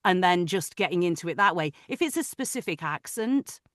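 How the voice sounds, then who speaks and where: A woman who narrates audiobooks, talking about her craft in an animated, chatty way with frequent restarts. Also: fairly low pitch, a little fast, no echo, clean studio sound. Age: adult, parent of older children. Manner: animated, talkative, many restarts. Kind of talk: casual interview chat.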